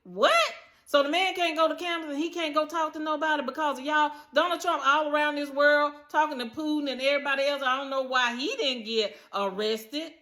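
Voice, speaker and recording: A woman's voice: sits high, steady tone, a little fast, sharp tone. A woman giving casual political commentary straight to her viewers, emphatic and chatty, calling on them again and again. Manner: emphatic, talks straight to viewers, repeats "listen" and "y'all". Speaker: commentary vlogger.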